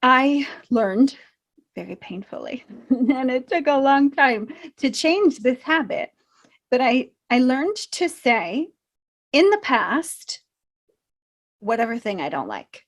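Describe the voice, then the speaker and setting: A woman with a slightly high voice talks very slowly as a self-help coach. She is reflective and gently encouraging, and she often pauses to think in an unscripted talk to camera. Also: sing-song.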